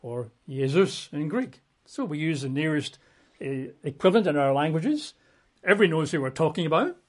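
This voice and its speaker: Conversational preacher, fairly high voice. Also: male voice, a little fast. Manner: relaxed conversational, many asides and self-corrections. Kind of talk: sermon Bible teaching.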